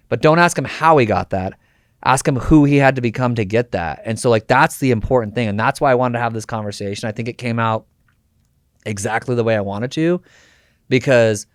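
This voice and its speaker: A man's voice: medium pitch, dry recording, clean studio sound. A man hosting a podcast interview, talking casually and energetically, slipping in slang and acted-out quotes. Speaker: podcast host.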